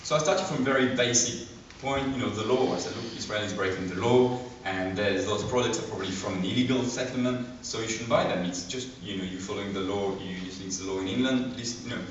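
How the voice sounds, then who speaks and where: Man, lowish voice, halting and filler-heavy. Recorded from far off in an echoey hall. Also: dull audio, a little hiss or hum. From France. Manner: hesitant, full of fillers and restarts. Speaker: audience speaker at a book launch. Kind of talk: anecdotal public talk. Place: large echoey room at a public event. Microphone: distant room mic.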